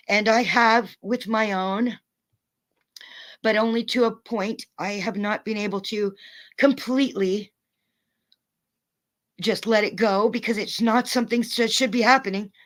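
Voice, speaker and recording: A woman streamer in an angry, profane rant at her viewers, talking in fast bursts. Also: medium pitch, a bit bright. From North America. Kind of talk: angry rant to a live audience.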